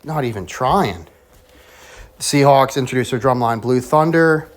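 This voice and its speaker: A man hosting a sports predictions show, rambling through conspiratorial theories in a profane, sarcastic, excitable way. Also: medium pitch, unhurried. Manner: profane, sarcastic, excitable, talks about himself as Coach.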